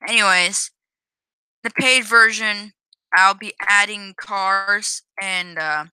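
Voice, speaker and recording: A woman talks over her gameplay in a casual, hesitant way, often restarting and correcting herself. Her voice is very bright and crisp. It is recorded dry and close, with no room sound. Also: mid-range voice, takes it slowly, dry recording, poor audio. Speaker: game developer showing own game.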